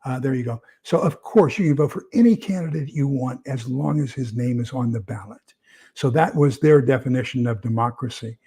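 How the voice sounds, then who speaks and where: A man's voice: mid-range voice, brisk, dark tone, slightly rough. Rambling man hosting a casual livestream. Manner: rambling, many fillers and repeated words. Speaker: prepper channel host. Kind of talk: casual livestream chat reading comments.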